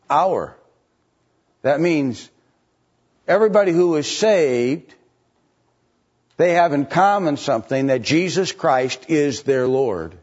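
An older man preaching a sermon, building to high, emphatic passages on scripture. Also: a little mellow, husky, lo-fi sound.

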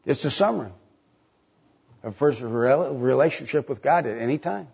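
A middle-aged man preaching a sermon in a conversational way, asking rhetorical questions and jumping up in pitch to stress a point. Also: animated, normal speed, gravelly, a little mellow, breathy edge, highs cut off. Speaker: pastor.

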